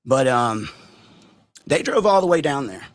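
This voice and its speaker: A man vlogging a story to his viewers, animated and direct, acting out quotes as he goes. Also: medium pitch, measured pace, no room sound. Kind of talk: storytime vlog.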